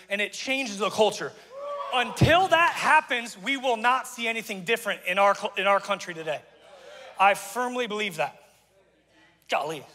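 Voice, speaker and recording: A man preaching an energetic sermon as pastor, excitable and folksy, stumbling and repeating himself, a bit out of breath. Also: sits high, big-room sound. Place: church sanctuary.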